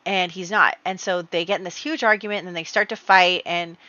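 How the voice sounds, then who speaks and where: Chatty woman narrating a game, bright. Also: on the low side, steady tone, no echo. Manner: chatty, storytelling with many fillers and quick acted quotes. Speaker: gameplay narrator. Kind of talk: casual gameplay commentary. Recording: dull, lo-fi home mic.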